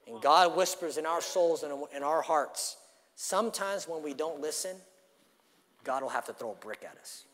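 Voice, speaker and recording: Pastor guy preaching a sermon, kinda high voice, long echo from the church hall, goes loud then hushed. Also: expressive, moderate pace. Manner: dynamic preaching, storytelling with acted quotes, swings from loud to hushed. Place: church sanctuary.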